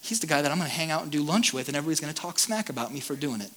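A man's voice: on the high side, expressive, racing, fairly bright tone. A man in his thirties, a pastor giving a candid, self-deprecating talk to an audience. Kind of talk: conference talk.

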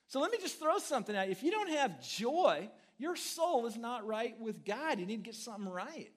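A male pastor with a notably high voice delivers a lively sermon. He talks in a folksy, humorous way, swinging between loud, emphatic bursts and quieter asides. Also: moderate pace, few pauses.

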